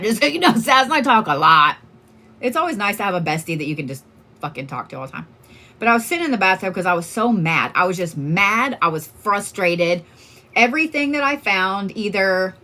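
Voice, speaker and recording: A tarot card reader from Oklahoma chats casually on a livestream, telling candid, profane stories packed with filler words. Her voice is medium in pitch with a sharp tone.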